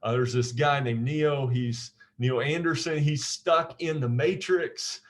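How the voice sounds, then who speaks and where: A man's voice: on the high side, unhurried. A man, a naval officer, teaching a memory technique in an informal, conversational way, often repeating phrases and checking in with "right?".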